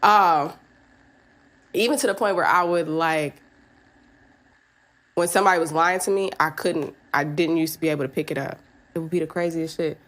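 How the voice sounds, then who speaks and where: A woman in her thirties telling a personal story on her podcast. Her voice sits a little low, and she talks frankly and swears freely. She laughs often along the way. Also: steady tone, normal speed, long pauses, fairly bright tone. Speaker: podcast host.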